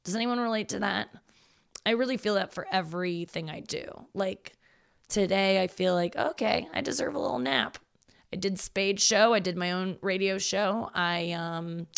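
A woman's voice: medium pitch, vocal fry, clear, resonant tone. A woman comedian and show host talking in a casual, rambling solo monologue, self-deprecating and swearing freely.

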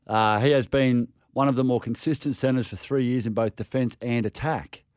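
A man's voice: mid-range voice, steady tone, normal speed, darkish tone, no room sound, clean studio sound. An Australian man co-hosting a sports radio show, joking, laughing and exclaiming. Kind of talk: casual sports radio chat.

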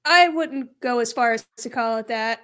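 A woman's voice: fairly high pitch, moderate pace, fairly bright tone. A young woman co-hosting a true crime podcast in casual chat, laughing often as she talks. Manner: giggly, laughs often mid-sentence. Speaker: podcast co-host.

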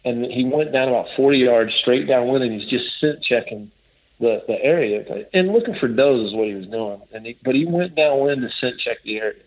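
A man's voice: medium pitch, lively intonation, brisk. A man casually telling a long story as a guest, rambling and restarting as he quotes others. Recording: dull lo-fi audio.

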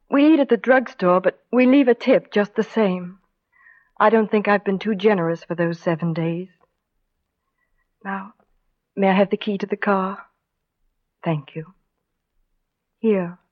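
A woman playing a small-town wife in a 1940s radio drama, talking in a calm, quietly resolute way. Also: mid-range voice. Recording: dull 1940s radio broadcast.

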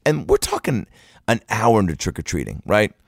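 A man's voice: fairly low pitch, huge pitch swings, moderate pace, vocal fry, dry recording, clean studio sound. A man telling a comedic story in a loose, profane, rambling way.

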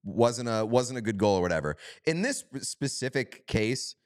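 A man's voice: mid-range voice, expressive, normal speed. A man co-hosting a sports podcast in casual chat, laughing easily and giving strong opinions. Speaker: podcast co-host.

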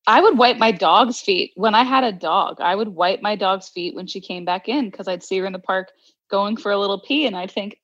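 A Canadian woman co-hosting a podcast, chatting casually in a relaxed, wry way. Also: medium pitch, fairly quick, no room sound, lo-fi sound. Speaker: podcast co-host. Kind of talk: casual chat.

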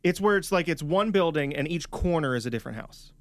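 A man's voice: fairly high pitch, expressive, fast, a bit bright, no echo. A man, a radio producer, explaining at length in a studio, rambling and hesitant with many fillers. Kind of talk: casual podcast banter.

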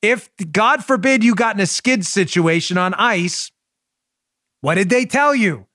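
A man in his forties with a Queens, New York accent, hosting a political commentary podcast in an emphatic, loud manner full of rhetorical questions. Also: high voice, lively intonation, measured pace, no room sound, studio quality. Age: 40s. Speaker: podcast host. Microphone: studio microphone.

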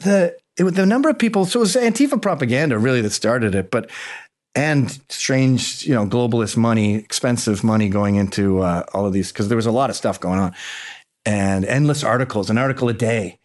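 A man being interviewed, telling animated stories and slipping into mocking voices. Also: mid-range voice, a little fast. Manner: animated storyteller who slips into mocking voices. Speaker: interview guest. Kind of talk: casual interview storytelling.

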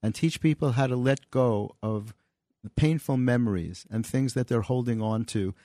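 A comedy writer and author appears as a guest in a radio studio, telling stories earnestly into a studio microphone. His voice is medium-pitched and warm, his pace moderate, and the recording has no echo.

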